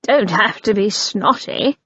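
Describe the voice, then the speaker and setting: A woman's voice: medium pitch, expressive, slow pace, bright, forceful tone, slightly rough, dry recording, dull audio, full character voice. A woman voicing an evasive, sulky old male servant with rustic, grumbling speech.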